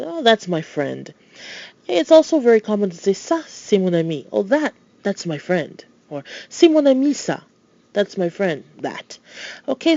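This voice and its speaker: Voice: medium pitch, vocal fry, a little mellow, no echo, muffled recording. A language tutor giving a recorded lesson, explaining patiently with playful asides and reading French example phrases.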